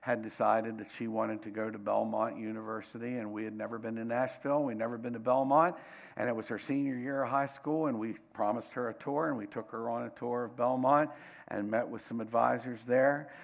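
A middle-aged man preaching a sermon, dramatic, swinging between loud bursts and hushed asides. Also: mid-range voice, steady tone, a little fast, vocal fry.

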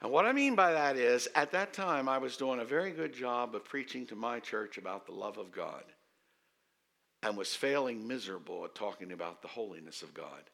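A man in his fifties, a pastor telling a story in his sermon in a conversational, self-deprecating way with dramatic pauses. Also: medium pitch, expressive, creaky, pushed and bright.

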